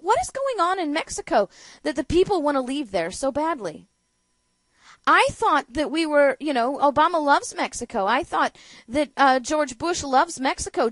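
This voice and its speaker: Hosting a political talk show on radio, a woman speaks in a high, somewhat bright voice with no echo. She delivers opinionated takes laced with sarcasm, rhetorical questions and sudden emphatic bursts.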